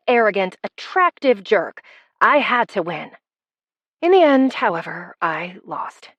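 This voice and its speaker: A woman narrating a first-person romance audiobook with wry, expressive delivery. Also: medium pitch, a little slow, no room sound, muffled recording.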